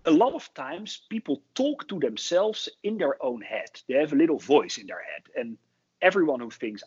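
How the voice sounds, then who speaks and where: Husky, lively male speaking coach. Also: medium pitch. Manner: animated, demonstrates fast talk with pauses. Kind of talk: interview answers, explanatory. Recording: dull lo-fi audio.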